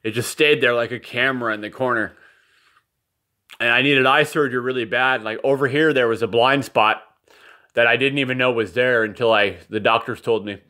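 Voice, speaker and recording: A man's voice: mid-range voice, fairly even intonation, brisk, sharp tone. Rambling man talking to camera at home. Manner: rambling and meandering, often apologizing; profane and ranting at times. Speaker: father filming a video message. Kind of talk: rambling casual home video. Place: indoors at home, in a room with a nightlight.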